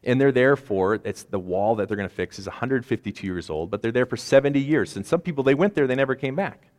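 A man's voice: medium pitch, animated, quick pace, a little mellow, in a large hall. A man in his forties preaching a conversational sermon with self-deprecating asides. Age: 40s. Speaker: pastor.

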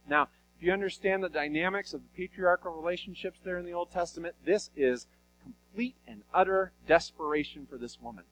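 A man preaching a sermon, retelling Bible stories in an animated, conversational way. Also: sits high, a little fast, slight background noise, low-quality recording. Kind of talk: sermon storytelling.

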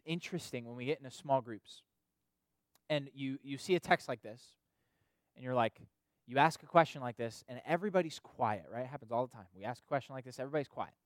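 A man gives a casual, conversational sermon at a middle pitch. He often tags his points with quick questions and repeats key phrases. The sound is dry and close, with little room echo. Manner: conversational preaching, frequent "right?" tag questions and repetitions. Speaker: pastor or youth leader.

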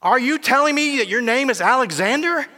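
A man voicing a stern, commanding ancient king in a booming, indignant way. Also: animated, fairly quick, bright, forceful tone, exaggerated voice.

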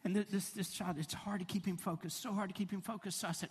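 In a long-reverb hall, a middle-aged man preaches quickly in a high-pitched, husky voice with fairly even intonation. This pastor's sermon is built on chatty personal storytelling, and he laughs along as he talks.

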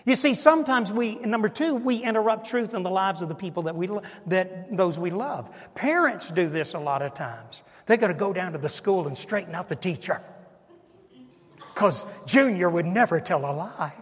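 A man's voice: sits high, animated, normal speed, slightly rough, long reverb tail. A male pastor preaching a sermon, stressing his points and asking the congregation rhetorical questions.

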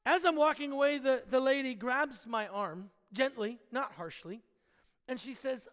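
A man's voice: very high-pitched, unhurried, big-room sound. A man from Pennsylvania, a pastor, leading a Sunday prayer and telling a story in his sermon, checking in with the congregation as he goes. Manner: storytelling, lively, asks the congregation for agreement. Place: church sanctuary.

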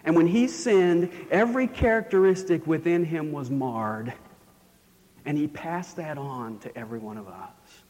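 A man's voice: on the high side, unhurried, darkish tone, big-room sound. A man preaching a sermon in a storytelling manner, his voice rising and falling for emphasis. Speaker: pastor.

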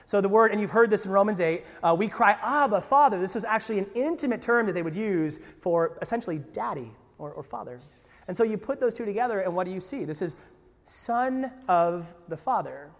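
High-voiced pastor preaching in a reverberant hall. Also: male voice, brisk. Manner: lively, conversational preaching with jokes and asides. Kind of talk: sermon.

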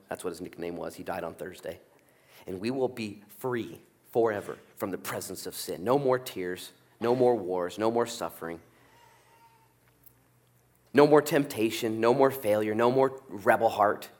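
A middle-aged man preaching a sermon, animated, jumping from loud peaks down to soft asides. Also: fairly low pitch. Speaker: pastor. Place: church sanctuary.

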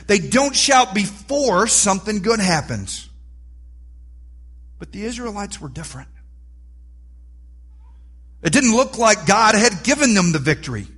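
A man preaching a sermon, animated and rising to near-shouts for emphasis. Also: high-pitched. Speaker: pastor.

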